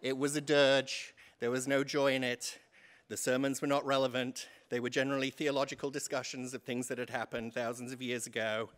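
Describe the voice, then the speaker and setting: English man, 50s, church vestry member, self-deprecating humor, middle pitch. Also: level tone, fairly quick, a bit bright. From England. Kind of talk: humorous stewardship talk to a congregation.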